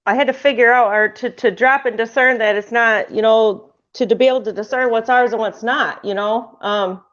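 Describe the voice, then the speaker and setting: A woman's voice: a little high, fairly even intonation, normal speed, a bit bright. A woman hosting a casual spiritual chat podcast, talking in a rambling way with many restarts. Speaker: podcast host. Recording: muffled lo-fi sound.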